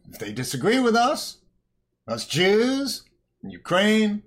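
Mocking caricature: scolding older woman official, voiced by a man, shrill and indignant. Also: wildly swooping pitch, slow pace, a bit bright, exaggerated voice.

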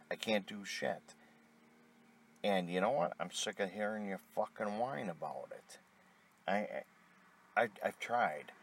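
Man, middle-aged, low voice, big swings in pitch, blunt, swearing, tired. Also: a bit bright, a little hiss or hum. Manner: angry, blunt, heavy swearing. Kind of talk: profane rant to camera.

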